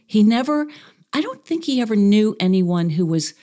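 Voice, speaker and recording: A woman's voice: medium pitch, very animated, moderate pace, mellow. A woman hosting a podcast, chatting playfully over a video call, laughing often and rambling a bit. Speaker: podcast host.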